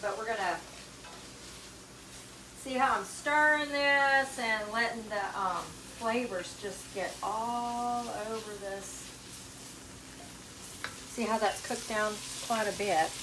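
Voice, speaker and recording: A woman with a Southern US accent talks her way through a recipe in a casual, homey manner, stirring as she goes. She sounds a little off-mic in an echoey kitchen. A pan sizzles loudly behind her. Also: on the high side, takes it slowly, long pauses, distant mic, noisy background. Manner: chatty, homey, talks while stirring and cooking. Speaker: cooking channel host. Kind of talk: casual cooking demonstration. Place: borrowed home kitchen, indoors. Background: frying and sizzling from the stove.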